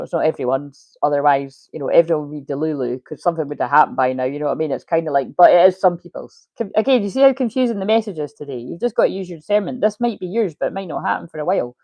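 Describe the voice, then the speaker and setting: A woman's voice: sits low, mellow, no room sound, poor audio. Chatty woman reading tarot. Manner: chatty, swears freely, laughs often. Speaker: tarot reader. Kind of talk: casual livestream tarot reading.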